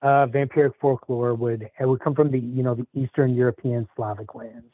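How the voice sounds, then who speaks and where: A man speaking as a podcast guest over a video call, telling folklore stories in a measured, hesitant way. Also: medium pitch, steady tone, dry recording. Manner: measured, hesitant, lots of fillers. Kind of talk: casual interview, storytelling. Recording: phone-like narrow audio.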